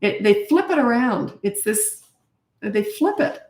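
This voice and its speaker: A woman's voice: sits high, very animated, a little slow, a little mellow. A middle-aged woman who is a parenting coach, giving blunt, confident advice on a casual live stream. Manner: blunt, confident, acts out quoted dialogue. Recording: echoey room.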